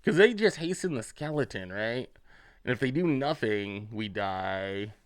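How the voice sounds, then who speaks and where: A man's voice: lowish voice, animated, a little slow. A man streaming a card game, thinking aloud about his plays and chatting with viewers. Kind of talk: casual game commentary.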